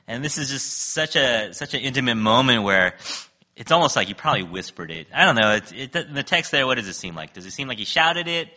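Bright-voiced, lively male preacher. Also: brisk, lo-fi sound. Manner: conversational, joking, laughs often; acts out biblical dialogue with big pitch swings. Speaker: pastor. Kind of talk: sermon.

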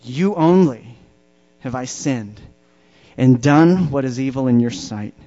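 A man's voice: mid-range voice, animated, warm tone, faint music behind. Emphatic preaching man, lo-fi sound. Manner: emphatic preaching, slows and stresses key words. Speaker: pastor. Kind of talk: sermon. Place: church before a congregation. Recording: dull lo-fi sound.

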